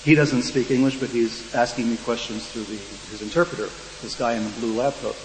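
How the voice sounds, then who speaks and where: A man's voice: medium pitch, steady tone, brisk. Man telling a story in an echoey hall. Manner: dry, wry storytelling with quoted dialogue. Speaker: panel speaker. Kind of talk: storytelling anecdote to an audience. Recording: echoey hall, faint hum.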